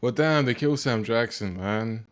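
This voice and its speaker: A man giving casual, animated reaction commentary on a movie, swearing freely. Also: mid-range voice, moderate pace. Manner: animated, swearing, laughing at scenes.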